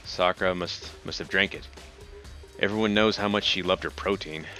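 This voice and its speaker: A man's voice: deep voice, normal speed, bright, forceful tone, faint music behind. A man reading game dialogue aloud during a co-op playthrough, with joking asides. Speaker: let's play host.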